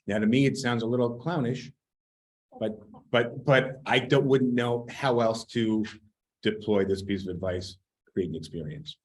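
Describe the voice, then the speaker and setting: A man's voice: mid-range voice, normal speed, poor audio. A man giving a casual real estate training talk, blunt and sometimes swearing as he picks apart advice. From United States.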